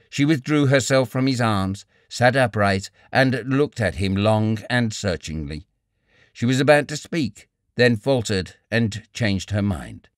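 A man reading scripted audiobook narration in an even, literary storytelling manner. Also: fairly low pitch, unhurried, no echo, studio quality.

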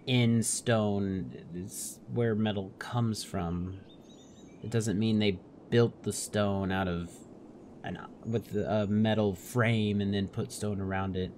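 A man's voice: on the low side, steady tone, takes it slowly, darkish tone, a little hiss or hum. A man hosting a casual let's play, making self-mocking, joking asides between the story lines. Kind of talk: casual gameplay commentary.

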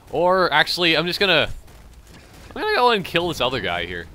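Lively young Canadian gamer. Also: male voice, fairly high pitch, moderate pace. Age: young adult. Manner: rambling, chatty, thinking aloud. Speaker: gamer commentator. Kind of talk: casual gameplay commentary.

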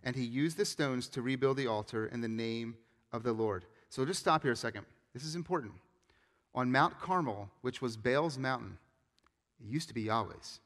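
A man preaching a sermon as a pastor, moving between loud emphatic scripture reading and quiet earnest appeals. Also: mid-range voice, normal speed. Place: church sanctuary. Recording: long reverb of a church hall.

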